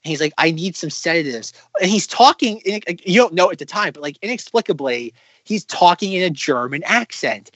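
A man co-hosting a casual film podcast, talking excitedly with lots of fillers and restarts. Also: sits high, a little fast, breathy edge, dry recording. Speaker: podcast co-host.

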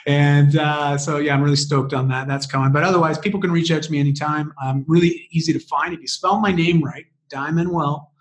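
A man talking as a podcast guest and coach, enthusiastic and quick to laugh as he shares advice. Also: fairly high pitch, steady tone. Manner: enthusiastic, fired up, laughs often. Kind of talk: animated interview conversation.

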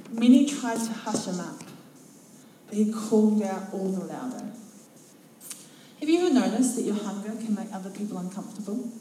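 A New woman preaching to her church, retelling Bible stories with animated, dramatic flair. Her voice is mellow and warm. She sounds far from the mic, with heavy echo filling the hall and faint noise behind her. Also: medium pitch. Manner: expressive storytelling, acts out quotes. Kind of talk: sermon. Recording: very echoey church from a distance.

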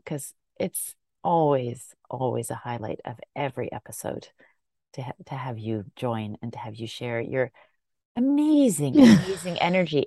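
A woman hosting a podcast, effusive with warm thanks and quick asides in a casual chat. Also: extremely low pitch, dry recording, clean studio sound. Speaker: podcast host.

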